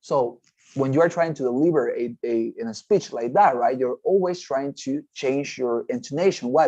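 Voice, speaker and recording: A man's voice: medium pitch, warm tone, no room sound, muffled recording. A man teaching a test-preparation lesson, explaining step by step, often checking in with "okay?" and restarting phrases. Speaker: TOEFL teacher. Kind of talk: recorded class lecture.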